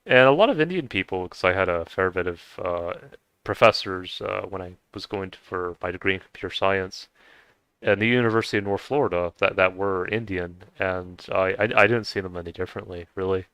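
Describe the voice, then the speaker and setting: A young man from the United States talks through a casual personal monologue in a very low, smooth voice. He stumbles and restarts often, and the close, dry recording keeps him right up front. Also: a bit bright, no echo. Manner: halting, many restarts and fillers. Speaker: vlogger.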